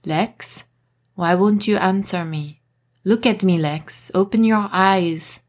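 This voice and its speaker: A woman voicing a gentle young Frenchman, speaking softly and low with a French accent. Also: takes it slowly, close to an everyday voice. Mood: tender. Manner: soft, low and tender.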